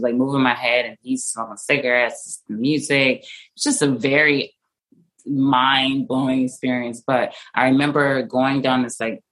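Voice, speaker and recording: A young woman recounting a hard personal experience in conversation, halting and full of fillers and restarts, her voice often soft and trailing off. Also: rumbling low, low-quality recording. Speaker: interview guest.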